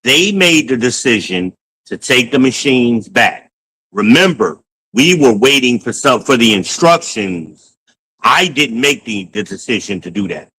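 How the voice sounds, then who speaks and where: A man hosting a podcast, ranting in a casual, profane, animated way while walking around his home with a handheld phone. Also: medium pitch, a little slow, slightly rough, poor audio. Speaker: podcast host. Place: at home, moving between rooms.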